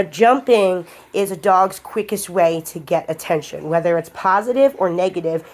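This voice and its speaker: A woman dog trainer explaining a lesson to viewers while she works a puppy, giving firm short commands in between. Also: fairly low pitch. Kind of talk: hands-on training demonstration.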